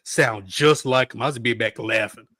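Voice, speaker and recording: A male panelist joking and teasing his co-hosts in a relaxed online talk. His voice sits at a middle pitch. The sound is dry and close, with no room echo at all. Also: normal speed. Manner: joking, teasing, laughs easily. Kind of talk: casual panel chat.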